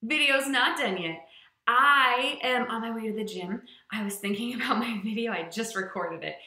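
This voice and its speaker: A woman teacher chatting casually as she records a quick extra note for her video. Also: on the high side, sharp tone. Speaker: online ESL teacher. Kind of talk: casual vlog aside. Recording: echoey space.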